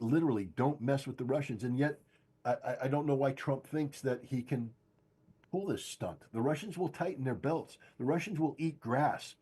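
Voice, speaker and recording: An older man giving forceful, insistent political commentary as a guest, hammering home his points by repeating them. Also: mid-range voice, husky. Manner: emphatic, insistent, repeats key phrases. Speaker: guest analyst. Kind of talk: political commentary on a podcast stream.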